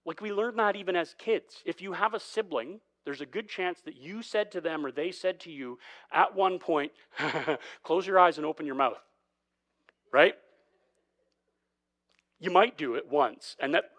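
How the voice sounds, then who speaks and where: Man, pastor, relaxed sermon, slightly higher voice, chatty delivery, acts out the lines he quotes. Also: normal speed. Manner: conversational, acts out quoted dialogue. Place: church sanctuary.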